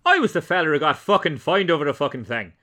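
A man's voice: on the high side, big pitch swings, fast, pitched above the performer's own voice. Man putting on a ranting Irish farmer. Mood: furious. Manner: ranting, shouting, heavy swearing. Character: furious foul-mouthed Irish farmer man. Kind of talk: comic read-aloud of a quote.

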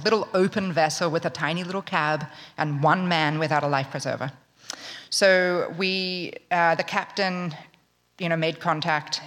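A woman's voice: on the low side, fairly bright tone, big-room sound. A woman telling a true story live, in a wry, conversational, self-mocking way. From Australia.

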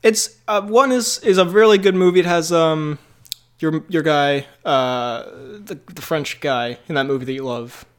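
Playful laughing man, slightly high voice. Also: normal speed, clean tone. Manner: laughs often, rambling and playful. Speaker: podcast co-host. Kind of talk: casual movie chat.

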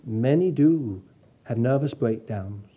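Husky preacher, dull old tape. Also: male voice, medium pitch, animated, slow pace. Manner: earnest, pastoral, addresses listeners as dear child of God. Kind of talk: sermon.

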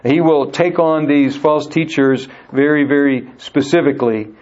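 A man's voice: fairly high pitch, fairly even intonation, moderate pace, darkish tone. A man teaching verse by verse through a Bible letter in a conversational way, repeating key phrases for emphasis. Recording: dull lo-fi recording.

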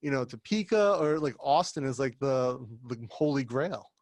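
A man's voice: medium pitch, animated, moderate pace, a little mellow, no echo. A man in his thirties co-hosting a podcast, talking casually and joking, sometimes putting on voices. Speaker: podcast co-host.

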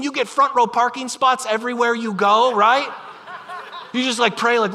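A man preaching a sermon in an animated, conversational way, acting out imagined voices of his listeners. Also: extremely high pitch, brisk, creaky, long reverb tail. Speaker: pastor.

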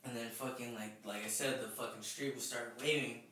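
A man's voice: mid-range voice, steady tone, brisk, pushed and bright. A man telling a rambling, profane story in casual podcast chat, acting out the quotes. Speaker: podcast co-host. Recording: echoey room, background noise.

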